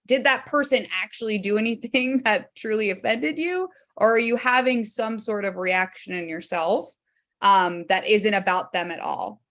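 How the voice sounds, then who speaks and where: A woman's voice: mid-range voice, a bit bright. A woman on a discussion panel, speaking frankly and casually, laughing between points.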